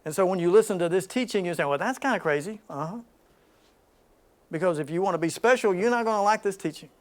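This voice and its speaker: A man speaks to a small spiritual gathering in a high voice. He leans hard on some lines and drops to a near-hush on others, laughing now and then between points. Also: expressive, fast talker. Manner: dynamic, swings from loud emphasis to soft hushed speech. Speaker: spiritual group leader. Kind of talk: spiritual talk to a small group.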